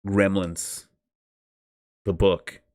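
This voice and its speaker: A man reading a novel aloud on a stream, then chatting casually in an animated, joking way and swearing freely. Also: low voice, drawn-out words, dry recording, clean studio sound. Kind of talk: storybook reading and casual chat.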